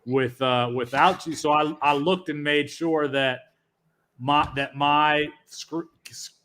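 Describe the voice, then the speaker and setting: A man on a video-call podcast with a slightly high voice, faint noise under it. He talks haltingly, restarting and repeating words as he goes. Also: fairly even intonation, bright, forceful tone. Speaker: podcast co-host. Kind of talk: casual chat.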